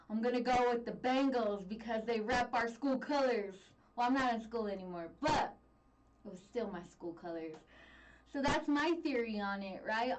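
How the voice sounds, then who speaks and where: A woman's voice: on the high side, recorded from a distance, poor audio. A woman hosting a casual live stream, chatty and upbeat, greeting viewers by name. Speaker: livestream host. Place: Denver, Colorado.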